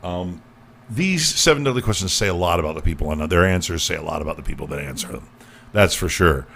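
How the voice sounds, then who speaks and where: A man's voice: low voice, expressive, quick pace, vocal fry, a bit bright, a little hiss or hum. A man hosting a comedy podcast, stammering and repeating words as he jokes crudely with his guests. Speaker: podcast host. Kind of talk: loose comedic podcast banter.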